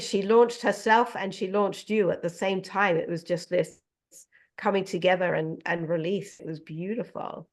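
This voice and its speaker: A middle-aged woman working as an animal communicator, speaking gently and emotionally with many fillers over a video call. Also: fairly low pitch. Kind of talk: heartfelt casual conversation.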